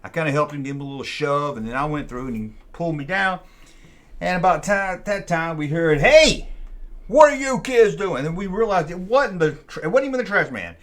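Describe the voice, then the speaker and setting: Guy rambling thru an old story, kinda high voice, folksy. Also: a little fast, fairly bright tone. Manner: rambling, folksy, repeats himself. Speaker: channel host. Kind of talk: casual storytelling.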